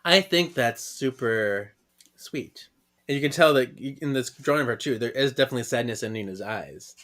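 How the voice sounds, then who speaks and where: A man's voice: mid-range voice, fairly bright tone. A man co-hosting a podcast in casual chat, reading a comic aloud and laughing often. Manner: chatty, laughs often, reads lines in quick impressions. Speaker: podcast co-host.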